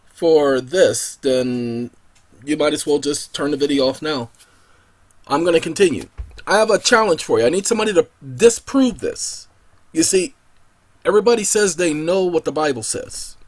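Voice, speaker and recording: A man talks to his viewers in a casual, emphatic way, challenging them and tossing out rhetorical questions. His voice sits high and moves around a lot, rising and dropping as he presses each point. The delivery stays insistent throughout. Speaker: online video host. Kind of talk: casual scripture talk to camera.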